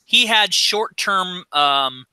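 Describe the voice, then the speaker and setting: A man's voice: high-pitched, expressive, slow pace, bright, forceful tone, smooth, no echo. A middle-aged man in casual chat on a podcast, ranting with a lot of swearing. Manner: profane, ranting. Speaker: podcast co-host. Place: recording studio.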